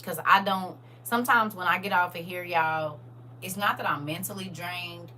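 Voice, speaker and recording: A woman with a lowish, bright, forceful voice hosts a casual livestream. She talks straight to her viewers as "y'all", reads their comments aloud and answers them. Her delivery swings from hushed asides to loud bursts, with a faint hum behind her. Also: moderate pace. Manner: chatty, addresses viewers as "y'all". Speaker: livestream host.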